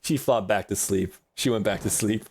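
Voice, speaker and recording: A man's voice: lowish voice, normal speed, a little mellow, breathy edge. Rambling, jokey male streamer. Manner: rambling, jokey, laughs often. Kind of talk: casual chat with a live stream audience.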